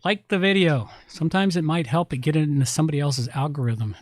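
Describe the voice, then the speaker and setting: A man's voice: a little high, brisk, no room sound, clean studio sound. A man with a Southern US accent hosting a casual podcast chat, rambling and sarcastic, often groping for words. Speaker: podcast host.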